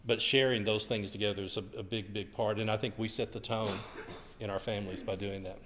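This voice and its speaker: A man's voice: on the low side, steady tone, a little fast, a crowd in the background. A man sharing folksy family stories while co-teaching a church class. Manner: folksy, anecdotal. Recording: reverberant hall.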